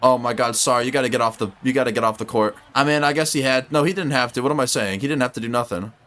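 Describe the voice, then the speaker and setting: A young man commenting on his own basketball video game, talking to the players on screen and shouting when the plays go his way. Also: mid-range voice, racing. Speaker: gaming YouTuber.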